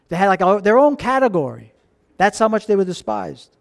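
A man's voice: sits high, a little fast. A male pastor preaching a sermon, telling stories and acting out the voices in them. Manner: animated storytelling, acting out voices in dialogue.

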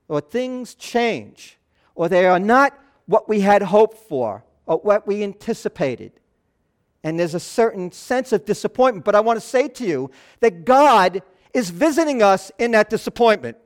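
High-voiced, nasal man preaching. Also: animated, unhurried. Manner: earnest, loose asides and restarts. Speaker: pastor. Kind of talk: conversational sermon.

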